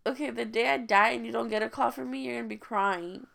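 A woman guesting on a podcast, chatting with her brother in an excitable, sassy, outspoken way and swearing freely. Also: a little high, fast, creaky. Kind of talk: casual banter.

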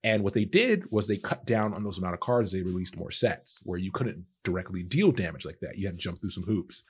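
Husky low-voiced man chatting. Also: a little fast. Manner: relaxed, rambling, filler-heavy. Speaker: podcast co-host. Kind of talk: casual podcast chat.

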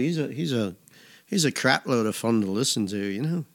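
A man's voice: medium pitch, lively intonation, fairly quick. A middle-aged man, a musician, chatting casually at home and telling stories in a rambling, joking way. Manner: rambling, jokey storyteller. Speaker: musician guest. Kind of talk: casual chat.

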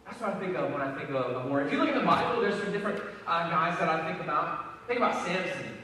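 A man preaches to his congregation in a casual, emphatic style, circling back over his phrases as he builds up. His voice is bright and a little high, and it rings around a large hall, picked up from a distance with a faint hum of the room behind. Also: animated, quick pace. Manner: conversational, repetitive, emphatic. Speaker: pastor. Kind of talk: sermon. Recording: echoey hall from far off.

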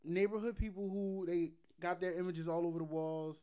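A man's voice: high-pitched, fairly even intonation, normal speed, warm tone, clean tone. A man co-hosting a casual chat, laid-back and slangy, swearing casually. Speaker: podcast co-host.

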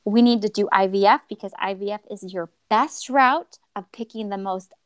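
A woman's voice: mid-range voice, normal speed, dry recording. Woman telling her story animatedly. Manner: animated, acts out quoted voices. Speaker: podcast guest. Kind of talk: personal storytelling.

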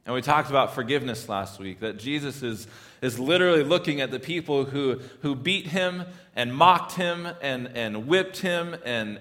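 A man's voice: a little high, long reverb tail. Man preaching a conversational sermon. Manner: conversational preaching, repeats words, rises to loud pleading questions. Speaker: pastor.

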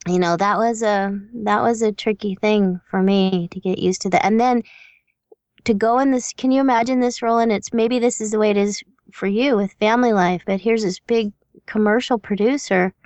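A woman's voice: mid-range voice, fairly even intonation, normal speed, a little mellow, dry recording. A woman hosting a casual interview, chatty and reflective, with many fillers as she thinks aloud. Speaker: interview host and voiceover performer.

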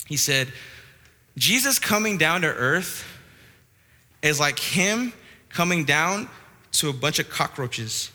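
A young man preaching to a church youth group. He is animated and joking, with restarts. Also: fairly high pitch, takes it slowly, pauses often, big-room sound. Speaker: youth pastor. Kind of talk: youth sermon with storytelling. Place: church hall.

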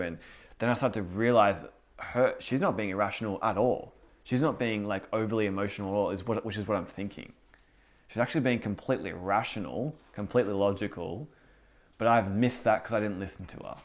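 In a brisk, conversational style, a young man with a fairly low voice gives casual spoken teaching, the way a youth pastor might talk to his group. He leans on "like" constantly and often repeats words.

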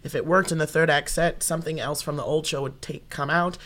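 Young woman improv comic, bright forceful voice, animated storyteller who slips into quoted voices. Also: low-pitched, a little fast. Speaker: improv comedian and actor, interview guest. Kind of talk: casual interview storytelling.

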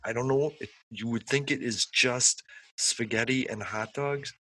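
A man's voice: medium pitch, steady tone, unhurried, a bit bright, dry recording, low-quality recording. A man co-hosting a podcast over a video call, telling stories in an easygoing, chatty way. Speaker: podcast co-host. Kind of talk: casual podcast chat.

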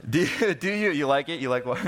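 A man's voice: fairly high pitch, expressive, brisk, fairly bright tone. A young man preaching a sermon, telling stories dramatically and acting out the people in them. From Korea. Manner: dramatic, acts out voices of disciples and Jesus. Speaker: pastor.

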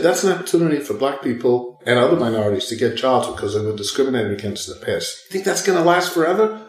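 A slightly high-voiced older man, once a teacher, is a guest in an interview, animatedly performing every voice in the story he tells. The recording is rough, in an echoey room.

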